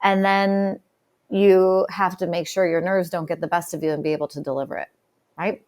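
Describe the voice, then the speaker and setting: A woman guest on an interview podcast, a dentist and speaker, telling her story in a chatty, animated way. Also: fairly low pitch, normal speed. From Charlotte, United States. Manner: chatty, animated, laughs often.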